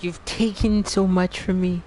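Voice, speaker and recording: A woman's voice: fairly low pitch, flat delivery, measured pace, darkish tone, slight background noise, natural voice. A woman putting on a wrathful, regal female fennec fox demon, speaking in theatrical, mock-archaic threats.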